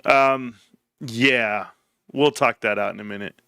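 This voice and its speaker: This is a man hosting a casual livestream, chatting loosely with viewers. His voice is bright and forceful, recorded dry and close. He tells stories excitably and his pitch jumps high when he quotes other people. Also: slow, smooth, no room sound. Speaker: livestream host. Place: home, evening livestream.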